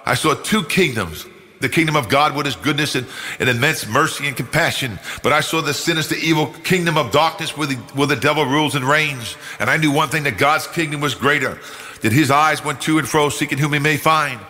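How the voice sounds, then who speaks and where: A man's voice: a little high, brisk, pushed and bright. An older man from New York telling his personal testimony in an earnest, emphatic way. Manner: earnest, emphatic, acts out quoted speech. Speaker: guest giving a testimony. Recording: long hall reverb.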